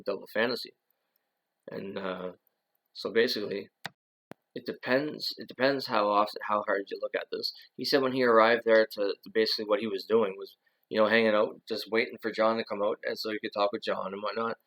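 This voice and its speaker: A man with a low, gravelly voice talks on his own in a casual monologue. He rambles, often circling back and restarting his sentences. His talk is loaded with fillers like "uh" and "you know.". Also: fairly bright tone, rough recording. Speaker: channel host.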